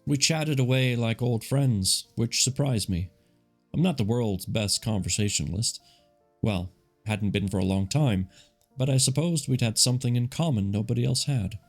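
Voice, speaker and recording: A man's voice: mid-range voice, moderate pace, faint music behind. A man narrating a novel live, casual, stopping to comment on and correct his own reading. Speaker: audiobook narrator. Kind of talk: live reading with chatty asides.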